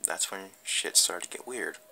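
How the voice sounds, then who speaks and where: A man with a deep, creaky yet bright voice and a forceful tone speaks a little slowly, over soft background music in a low-quality recording. He casually narrates a creepy gaming story, rambling, cursing, and packing in fillers.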